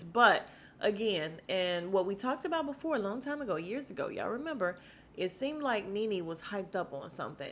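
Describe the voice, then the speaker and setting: A woman's voice: medium pitch, a little hiss or hum. A young adult woman hosting a podcast, recapping a reality TV episode in a chatty, slangy way and calling her listeners "y'all". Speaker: podcast host.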